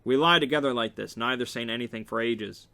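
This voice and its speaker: A man's voice: mid-range voice, fairly quick, creaky, pushed and bright. A man reading a romance novel aloud in a casual amateur way, with small slips and restarts. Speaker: reader.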